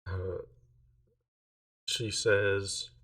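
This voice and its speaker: A man running a tabletop game, narrating in a low, unhurried voice and rambling through plenty of fillers. He sits a little away from the mic. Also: level tone, fairly bright tone, far from the mic. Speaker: game master.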